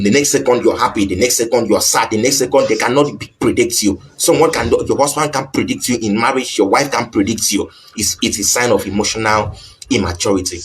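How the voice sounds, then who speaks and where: A man's voice: medium pitch, rough recording. A man giving an earnest, repetitive talk on marriage. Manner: earnest, repetitive, acts out little quoted exchanges. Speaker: relationship teacher.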